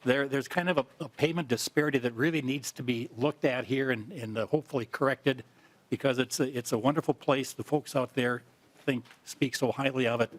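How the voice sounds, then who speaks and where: A man, a legislator, presents his bill to a committee in a plain, halting way. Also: medium pitch, fairly even intonation. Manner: plain, halting, many fillers.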